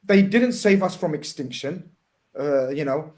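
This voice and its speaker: A man's voice: fairly high pitch, animated, darkish tone. Chatty man hosting a fan show. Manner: chatty, halting restarts, asks leading questions. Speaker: host. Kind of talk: casual fan podcast chat.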